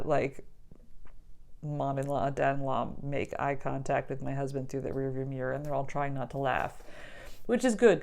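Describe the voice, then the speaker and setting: A woman's voice: low-pitched, a little mellow. A young adult woman casually telling a personal story, chatty, often laughing and filling with "like". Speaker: vlogger telling her birth story.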